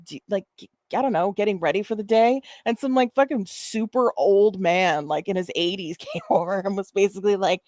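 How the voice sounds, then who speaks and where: A woman's voice: mid-range voice, a little fast, hardly any pauses, a little mellow, no room sound, studio quality. A woman hosting a casual stream, talking in a profane, mocking, rambling way with lots of fillers. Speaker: host.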